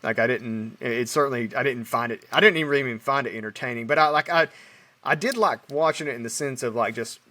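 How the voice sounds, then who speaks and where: A man's voice: mid-range voice, fast, bright, forceful tone, no echo, recorded from a distance. A man co-hosting a film podcast in casual chat, rambling and hesitant with many restarts. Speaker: podcast co-host.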